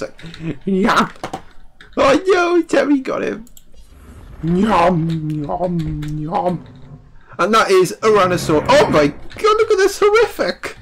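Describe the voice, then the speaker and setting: A young man, excitedly commenting on a dinosaur game while he plays, laughing often and talking to the screen. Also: fairly high pitch, gravelly. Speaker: gaming YouTuber. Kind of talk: live gameplay commentary.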